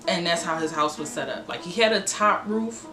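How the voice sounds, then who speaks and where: Young woman, storytime vlog, lowish voice, dramatic, echoey room, music underneath. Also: moderate pace. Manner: animated, dramatic storytelling with cursing and acted-out quotes. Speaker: vlogger.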